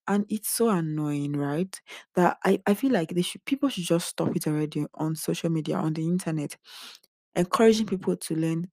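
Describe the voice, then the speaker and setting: In a personal vlog, a young woman talks candidly and straight to her viewers, earnest and confiding but emotionally drained. Her voice is on the low side and a little mellow, at normal speed, recorded with studio quality and no echo.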